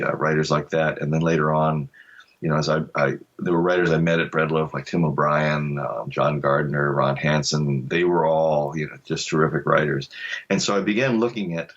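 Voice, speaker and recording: This older Delaware man, an author being interviewed conversationally, has an extremely low-pitched voice, and the highs are cut off. He tells stories thoughtfully and reflectively, laughing softly.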